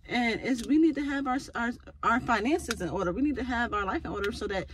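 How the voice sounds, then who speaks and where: A woman's voice: on the high side, lively intonation, fairly quick, background noise. A mother talking earnestly about faith and family, with a preachy, heartfelt way of speaking. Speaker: mother sharing faith thoughts. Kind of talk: casual spoken reflection.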